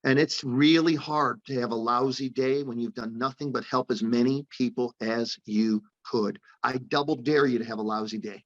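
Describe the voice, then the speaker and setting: A man's voice: mid-range voice, steady tone, normal speed, hardly any pauses. A man guest telling stories in an interview, emphatic and repetitive, over a remote call. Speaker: doctor, podcast host, guest. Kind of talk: storytelling interview. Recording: dull lo-fi audio.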